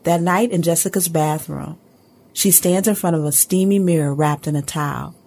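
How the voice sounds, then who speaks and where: A woman with a husky voice, reading scripted narration in a measured, descriptive way. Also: low-pitched, mellow.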